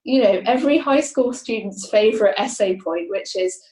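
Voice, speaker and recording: A woman's voice: medium pitch, moderate pace, darkish tone. A woman guest, an academic, explaining her research in a thoughtful interview, often restarting her phrases. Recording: roomy, echoey sound.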